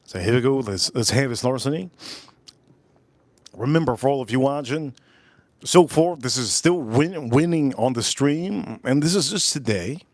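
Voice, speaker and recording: A man's voice: moderate pace, no room sound. Brash rambling man on a livestream. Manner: brash, rambling, crude joking with chat; animated pitch swings, pitch jumps up when exclaiming. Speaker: livestream host reviewing whiskey. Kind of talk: casual livestream chat reading comments.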